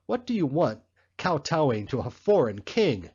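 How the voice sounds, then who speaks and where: A man voicing a sardonic male political loafer in a storybook reading, husky and slightly muffled. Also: fairly high pitch, sing-song, normal speed, darkish tone, exaggerated voice.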